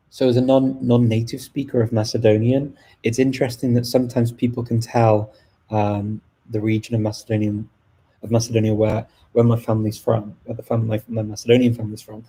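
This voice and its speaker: A middle-aged man chatting casually on a live stream, thoughtful and rambling, with frequent pauses and restarts. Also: lowish voice, mellow, slightly rough. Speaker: language channel host.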